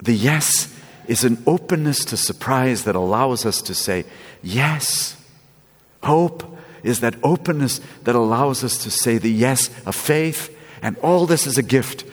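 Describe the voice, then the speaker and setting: A man preaching a sermon, slow and lively, with playful asides. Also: mid-range voice. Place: church. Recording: echoey church with long reverb.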